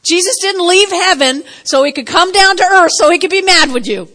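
A woman pastor preaching a sermon, telling stories with animated, laughing delivery. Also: extremely high pitch, brisk.

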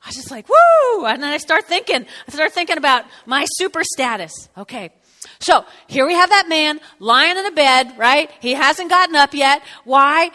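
Animated woman preaching in a reverberant hall. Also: sits high. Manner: animated, sudden whoops and drops to a hush. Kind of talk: sermon.

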